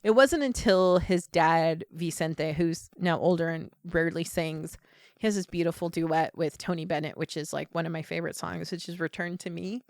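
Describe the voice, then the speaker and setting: A woman's voice: on the low side, normal speed, no room sound, studio quality. A young woman chatting casually as a podcast guest, retelling scenes with lots of fillers and acted-out quotes. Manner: animated storyteller, acts out quotes in voices; many fillers like "like" and "you know". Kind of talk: casual chat.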